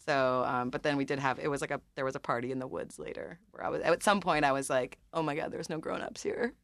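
A woman's voice: a bass voice, steady tone, fast, a bit bright, dry recording, studio quality. A woman guest on a podcast, chatting casually in a giggly, rambling way with many "like"s. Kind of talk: casual chat.

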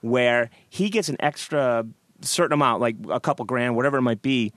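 A middle-aged man spins road stories as a podcast guest, jumping into loud, lively impressions of the people he quotes. His voice sits at an ordinary pitch and is recorded dry and close. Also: fairly quick, dry recording. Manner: animated storyteller acting out quoted voices. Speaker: guest musician. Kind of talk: storytelling in a podcast interview.

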